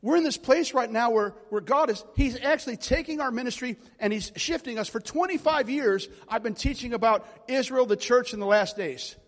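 Middle-aged male preacher with a high voice, impassioned sermon storytelling, long hall reverb. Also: normal speed, hardly any pauses. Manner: impassioned storytelling, acting out dialogue with God.

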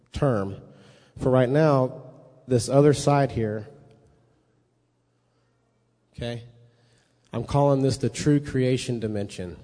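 A man's voice: medium pitch, dark tone. A man teaching a sermon in a conversational way, often checking in with his listeners. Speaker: preacher. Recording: long reverb of a hall.

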